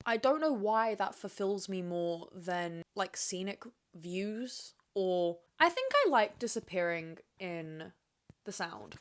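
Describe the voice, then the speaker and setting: A young woman hosts a solo podcast in a loose, rambling way. She swears freely, quizzes herself and answers back, and talks in a mid-range voice. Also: medium pitch. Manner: candid, profane, rambling, self-questioning. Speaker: podcast host. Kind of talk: casual solo podcast chat.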